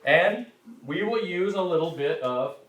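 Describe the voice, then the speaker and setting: A man's voice: fairly high pitch, expressive, a little slow, a bit bright. Chatty man teaching a class, distant. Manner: chatty, frequent "right?" check-ins, self-deprecating. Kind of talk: classroom instruction. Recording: roomy, distant, faint hiss.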